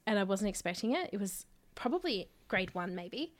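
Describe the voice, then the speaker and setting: A woman's voice: mid-range voice, normal speed. Casual, swearing woman co-host. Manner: animated storytelling, swears freely. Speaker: podcast co-host. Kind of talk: casual chat.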